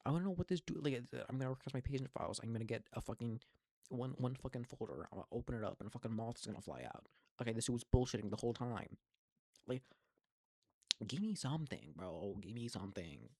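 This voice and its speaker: A young man of eighteen rambles through a profane, venting monologue, stumbling over restarts. His low, gravelly voice has a husky edge and sits in a dry, close sound. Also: lively intonation, fast, mellow, dry recording. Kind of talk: casual venting monologue to camera.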